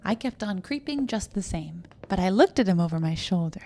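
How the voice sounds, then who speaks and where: A woman reading a classic short story aloud, slipping between hushed whispers and sudden emphatic outbursts. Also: medium pitch, animated, a little fast. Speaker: audiobook reader.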